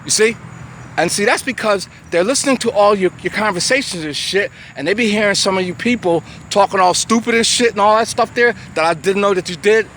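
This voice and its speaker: A man's voice: high voice, a little fast, fairly bright tone. A man, ranting profanely to the camera in a rambling way, stumbling over repeated words. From United States. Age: 60s. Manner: profane, rambling, repetitive stammering restarts. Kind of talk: agitated rant to camera. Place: outdoors on a city street. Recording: faint street and traffic noise. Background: traffic noise.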